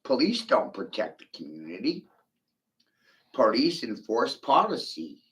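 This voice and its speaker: A man's voice: medium pitch, very animated, a little slow, a bit bright. A man giving an angry, profane monologue, swearing often and taunting his silent listeners.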